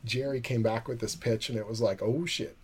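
A man, a comic book writer, telling a lively anecdote in a podcast interview and acting out the quoted dialogue. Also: medium pitch, a little fast, slight background noise.

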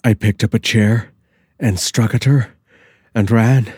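A man's voice: lowish voice, steady tone, slow pace, a little mellow, breathy edge, no echo, clean studio sound, pitched above the performer's own voice. Man playing a frantic gasping young servant. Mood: breathless. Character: panicked young male servant Hegan. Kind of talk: horror story narration.

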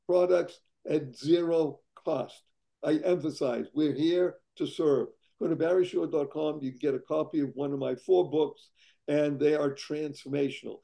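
A hoarse man talking as a podcast guest, exuberant and playful, spelling words out. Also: a little high, mellow. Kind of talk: casual podcast chat.

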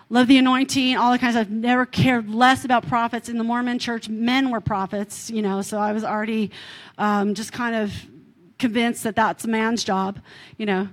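Middle-aged woman preacher, lively delivery, rambling testimony, slightly high voice. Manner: animated storytelling with many fillers and laughs. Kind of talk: sermon testimony.

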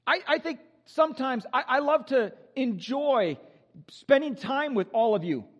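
Animated joking male pastor. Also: extremely high pitch, unhurried, in a large hall, lo-fi sound. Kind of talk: sermon.

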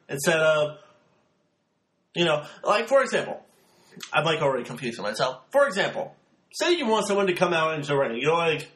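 A man's voice: fairly high pitch, very animated, fairly quick, fairly bright tone, roomy sound. A young man hosting a podcast, giving a rambling, sarcastic casual recap full of filler words. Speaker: podcast host.

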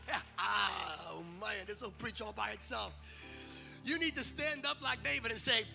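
A male preacher delivering a sermon to a congregation in church, using rhythmic repetition that builds to shouted climaxes. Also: high voice, normal speed, gravelly, faint music behind. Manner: energetic, animated. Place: church service before a congregation.

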